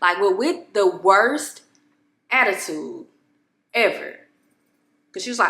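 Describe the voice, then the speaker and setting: A woman vlogger at home, telling a story to camera in an expressive, exasperated way, with many restarts. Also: mid-range voice, takes it slowly, long pauses, roomy sound. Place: home apartment room.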